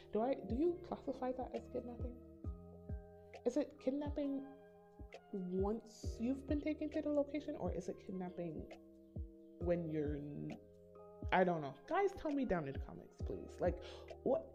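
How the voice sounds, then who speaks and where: A woman from the Caribbean telling a casual story to her viewers, acting out the voices of the people in it. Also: mid-range voice. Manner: animated, acts out voices in quotes. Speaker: storytime YouTuber. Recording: slightly dull recording with soft background music.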